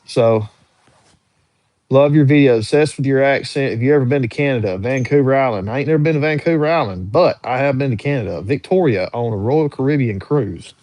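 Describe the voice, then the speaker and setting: A man's voice: medium pitch, a little fast, darkish tone, no room sound. A young man hosting a casual livestream, reading viewer questions aloud and answering them in an easygoing, drawling way. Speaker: livestream host answering chat.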